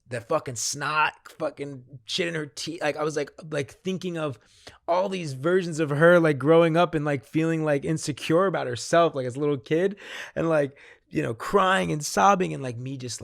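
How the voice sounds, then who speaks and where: A man, a podcast guest, candidly recounting a personal experience in casual, profanity-laced talk that grows animated when he quotes himself. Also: fairly high pitch, normal speed, creaky, no echo, studio quality. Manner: swears freely, animated when quoting himself. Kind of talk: candid conversational storytelling.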